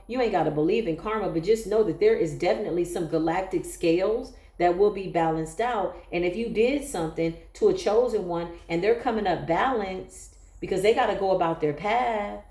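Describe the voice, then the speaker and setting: A woman's voice: medium pitch, brisk, hardly any pauses, dark tone, roomy sound. A woman giving an emotional, emphatic spiritual tarot reading, often breaking into exclamations. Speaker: tarot reader.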